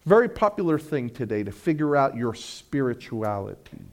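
A middle-aged male pastor preaching a sermon, swinging between loud, slow declarations and hushed, drawn-out lines. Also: medium pitch, very animated.

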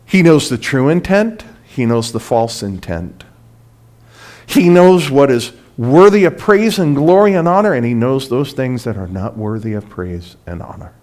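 A man's voice: medium pitch, lively intonation, a little slow, a little mellow. A man preaching a short sermon and reading scripture aloud, talking in a conversational, emphatic way and often checking in with his listeners. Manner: conversational, emphatic, asks the audience "right?".

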